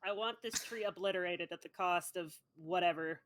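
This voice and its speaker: A woman's voice: lowish voice, a little slow, fairly bright tone, slight background noise. A woman playing a tabletop game on a live stream, describing her character's actions and laughing often. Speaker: player.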